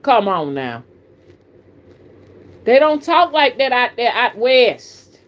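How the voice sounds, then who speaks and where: Animated Southern woman talking to viewers. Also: fairly high pitch, slow, lo-fi sound. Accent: Southern American. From American South. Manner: folksy, animated, addresses viewers as y'all. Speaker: spiritual reader and channel host. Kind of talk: casual live-stream talk.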